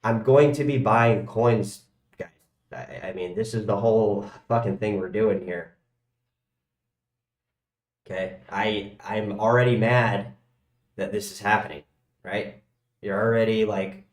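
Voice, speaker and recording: A man hosting a live stream, rambling and swearing, his loudness swinging from shouts to mumbles. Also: lowish voice, fairly even intonation, unhurried, pauses often. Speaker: crypto livestream host. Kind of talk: casual livestream rant. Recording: echoey room.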